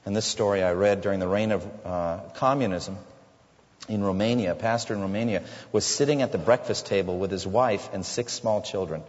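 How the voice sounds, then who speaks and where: Low-voiced male preacher in a reverberant hall. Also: fairly quick, a little mellow. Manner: earnest preaching, voicing quoted figures with rising pitch. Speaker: pastor. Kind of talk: sermon. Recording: lo-fi sound with long hall reverb.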